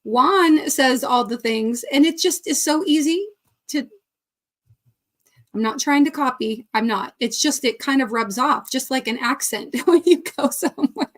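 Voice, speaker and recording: A woman's voice: high voice, measured pace, a bit bright. A woman hosting a casual livestream, chatting and greeting viewers by name between laughs. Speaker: crochet livestream host. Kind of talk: casual livestream chat reading viewer comments.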